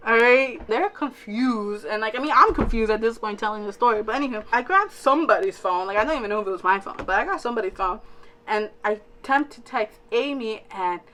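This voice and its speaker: A woman's voice: a little high, fairly quick, slight background noise. A young woman vlogger casually telling a storytime, acting out what she and her friends said and checking in with "all right?" as she goes. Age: young adult. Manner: animated, acts out quotes of herself and friends; fillers and restarts, frequent "all right?" asides.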